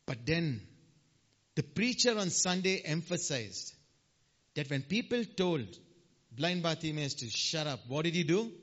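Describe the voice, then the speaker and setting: A man preaching a personal testimony sermon, impassioned, repeating phrases and swinging between shouting and hushed speech. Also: a little high, sing-song, measured pace, long pauses. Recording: dull lo-fi sound.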